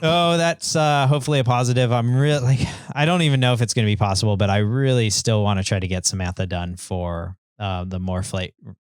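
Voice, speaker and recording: A man's voice: lowish voice, steady tone, brisk, smooth, no room sound, clean studio sound. A man co-hosting a podcast, talking in an easygoing, rambling way with lots of fillers. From Northern California. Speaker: podcast co-host. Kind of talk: casual chat.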